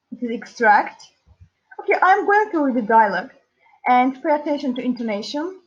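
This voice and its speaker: A woman giving an English lesson, speaking slowly and deliberately with hesitant fillers. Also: high voice, breathy edge. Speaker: English teacher. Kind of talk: classroom language lesson. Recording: dull lo-fi recording.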